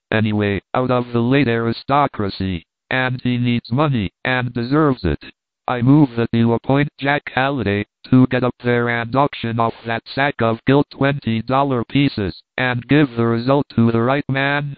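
A man's voice: mid-range voice, clear, resonant tone, no room sound, close to an everyday voice. A man reading the part of a plain-spoken saddler addressing a meeting, firm and persuasive. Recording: dry, tinny phone-like sound.

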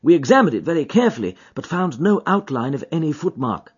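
A man reads a first-person story as an audiobook, his delivery expressive and dramatic. His voice is husky and swings widely in pitch. The lo-fi recording sounds dull. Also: fast talker. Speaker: audiobook reader.

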